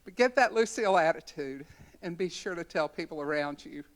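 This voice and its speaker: A woman's voice: lowish voice, expressive, a little fast. A woman in her sixties, a community educator, giving a storytelling talk at a symposium in a college conference center.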